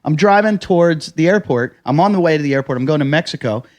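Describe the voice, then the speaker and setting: Animated American man telling a wild story. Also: on the high side, fast talker. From United States. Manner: animated storyteller, shouts quoted lines, swears a lot. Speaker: podcast host, stand-up comedian. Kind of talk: casual storytelling chat.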